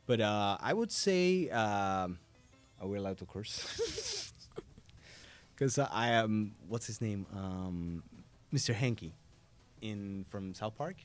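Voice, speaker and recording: A man, a voice actor, chatting as a guest on a podcast in a studio, a little congested, talking in an animated way and slipping into quoted voices. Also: lowish voice, slow, soft background music. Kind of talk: casual interview chat. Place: podcast studio in a hobby shop.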